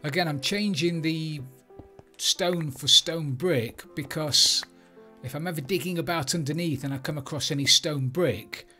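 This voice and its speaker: A man's voice: a little high, unhurried, pushed and bright, soft background music. A man giving casual gameplay commentary, chatting and thinking aloud as he builds. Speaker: Minecraft let's play creator.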